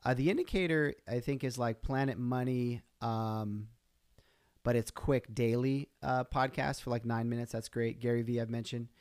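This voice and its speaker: A man's voice: medium pitch, steady tone, moderate pace, a little mellow, dry recording, studio quality. Chatty man rambling on a solo stream. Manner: rambling, chatty, self-interrupting with fillers. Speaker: podcast host. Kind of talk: casual solo live stream.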